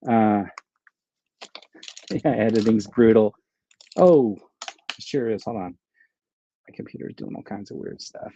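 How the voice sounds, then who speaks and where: Mellow-voiced man rambling on a live stream. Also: on the low side, lo-fi sound. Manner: rambling, thinks aloud, answers viewer chat. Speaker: host of a live stream about his action figure collection. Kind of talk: casual live-stream chat.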